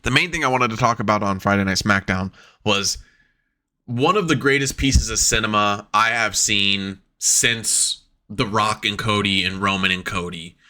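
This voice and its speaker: Bright-voiced excitable male podcast host. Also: on the low side. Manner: excitable, swears freely, acts out reactions. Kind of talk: casual chat.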